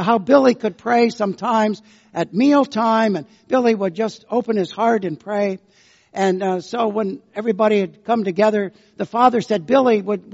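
A man preaching a sermon as pastor, telling folksy, unhurried stories. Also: high voice, creaky, darkish tone. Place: church sanctuary. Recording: dull lo-fi sound with long church reverb.

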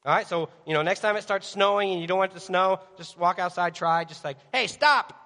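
High-voiced preacher in a reverberant hall. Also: male voice, fast talker. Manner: animated, acts out voices of worried people and Jesus; asks the audience direct questions. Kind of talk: sermon. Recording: long reverb of a large hall.

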